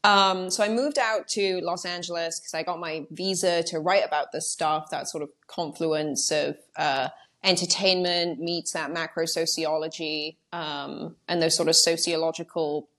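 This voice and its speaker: A young woman from the United Kingdom, a journalist talking casually in an interview with lots of fillers and quick asides. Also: sits low. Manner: chatty, many fillers, quick animated asides. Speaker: journalist guest.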